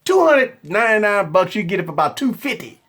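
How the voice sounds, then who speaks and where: A male tech host rambles conversationally through a live stream, repeating himself as he chats with viewers. His voice sits high and swings lively up and down. It has a husky grain. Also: brisk. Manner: animated, repetitive, rambling, conversational.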